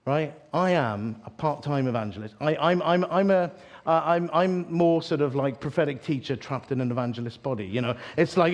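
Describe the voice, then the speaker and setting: A man's voice: a little high, expressive, normal speed. A man preaching at a church evening gathering, telling stories with self-deprecating humor and frequent restarts. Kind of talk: storytelling sermon.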